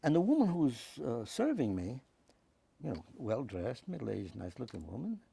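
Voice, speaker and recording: A man, telling his life story in a rambling, halting way in an oral history interview. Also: mid-range voice, huge pitch swings, gravelly, mellow, slightly rough. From Staten Island, New York. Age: 90s. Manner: rambling, halting, with many restarts. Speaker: interviewee, WWII veteran.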